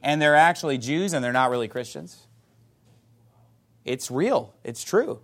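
A man's voice: mid-range voice, lively intonation, unhurried, a bit bright. A man preaching a sermon as a pastor, fiery and emphatic, reading scripture aloud in old-fashioned wording.

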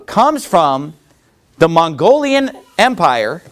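A man's voice: on the high side, animated, normal speed, soft background music. A man preaching a sermon in church, firing rhetorical questions at the congregation. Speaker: pastor.

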